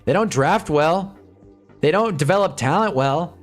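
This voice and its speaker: A man hosting a live stream, chatting casually and sarcastically in a rambling, animated way, reading chat and reacting as he goes. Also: on the high side, measured pace, faint music behind. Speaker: livestream host.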